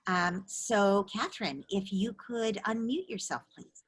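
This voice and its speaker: A middle-aged woman speaks at an ordinary pitch, coaching parents with empathy and a direct manner. She talks to callers over a video call during an advice session. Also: a little slow, husky. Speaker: parenting expert hosting call-in office hours.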